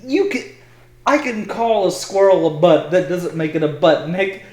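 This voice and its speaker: A man's voice: high voice, expressive, moderate pace. A young man co-hosting a podcast in casual chat, teasing and laughing often. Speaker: podcast co-host. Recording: echoey room.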